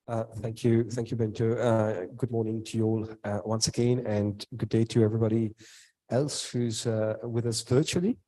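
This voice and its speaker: A man's voice: on the low side, steady tone, normal speed, mellow, low-quality recording. A man who is a law firm partner, giving a brief, hesitant introduction on a conference stage.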